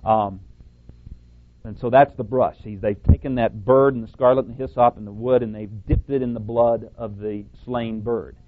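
A man's voice: mid-range voice, steady tone, moderate pace. Male preacher, emphatic, a bit sarcastic; narrow phone-like sound. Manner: emphatic, sarcastic, quotes and rebuts opponents. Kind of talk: radio Bible teaching. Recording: tinny phone-like audio.

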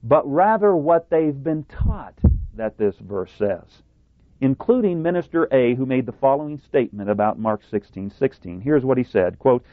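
A man preaching a sermon to a congregation, reading scripture and quoting others in a deliberate, emphatic manner with touches of sarcasm. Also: mid-range voice, no room sound. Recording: tinny phone-like dry sound.

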